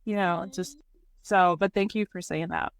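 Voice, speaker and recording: A woman on a casual group call, speaking softly and reflectively. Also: lowish voice, steady tone, moderate pace. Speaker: mastermind group member.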